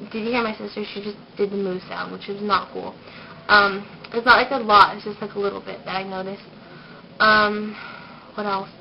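A young vlogger, getting over a cold, gives a casual pregnancy update, shy and rambling with lots of ums. She speaks at medium pitch with a steady tone, moderate pace, and vocal fry, in dull lo-fi home video with noise.

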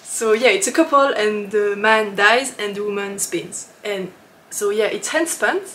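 A woman's voice: medium pitch, a little slow, a bit bright, echoey room. Woman podcast host, casual chat, giggly and rambling, mid-range voice, faint background hiss. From lives in Switzerland. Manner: chatty and giggly, with frequent ums and laughs.

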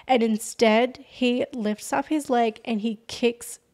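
A woman's voice: a little high, steady tone, takes it slowly, a little mellow. A woman hosting a podcast, casually retelling a true-crime story with lots of "like" fillers and dramatic emphasis. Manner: chatty, heavy use of "like" as filler. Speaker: podcast host.

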